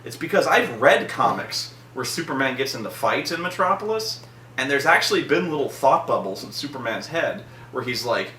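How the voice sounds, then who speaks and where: A man rants about a film on his vlog, cursing casually and slipping into mocking put-on voices as he gets animated. His mid-range voice moves at a normal speed, and the recording carries a slight hiss or hum, an echoey room, and a distant mic.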